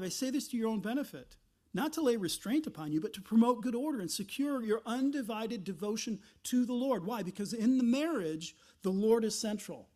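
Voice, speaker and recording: A man's voice: high voice, a little mellow. A man preaching a sermon in a conversational way, often restarting phrases and acting out little quoted asides. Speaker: pastor.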